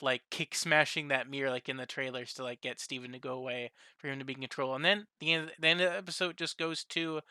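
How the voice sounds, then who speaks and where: A man's voice: on the high side, pushed and bright, smooth, dry recording. A man giving a rambling, casual episode review on his channel, circling back and restarting often. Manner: rambling, lots of fillers and restarts. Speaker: YouTube reviewer.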